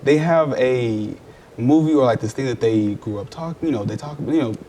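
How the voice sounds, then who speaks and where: A man interviewing a college athlete, conversational and quick with agreeing interjections. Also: mid-range voice, warm tone, a little hiss or hum. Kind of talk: sports interview.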